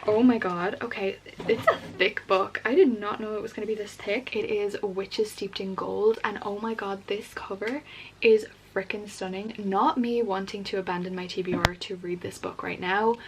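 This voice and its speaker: A young woman vlogging casually about books, gushing and excitable, with lots of filler words. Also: mid-range voice, normal speed, hardly any pauses, noisy background. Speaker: book vlogger. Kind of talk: casual unboxing chat.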